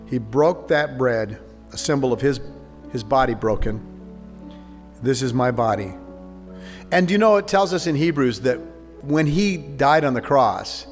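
A man preaching a conversational communion sermon, telling the story with animated asides. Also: a little high. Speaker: pastor. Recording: reverberant hall with faint music.

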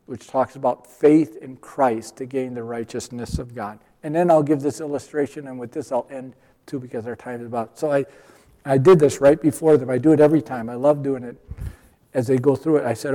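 Older male preacher, mellow dark tone, storyteller who acts out scenes, recorded in a long-reverb hall. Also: moderate pace. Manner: storytelling, acts out dialogues with lively pitch jumps. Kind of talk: sermon with acted-out stories.

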